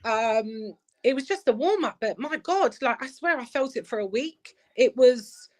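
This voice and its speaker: A woman's voice: a little high, expressive, a little slow. A woman in her fifties, a guest in a casual interview, talking chattily with lots of "like" and "literally". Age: 50s. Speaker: guest, club player care head.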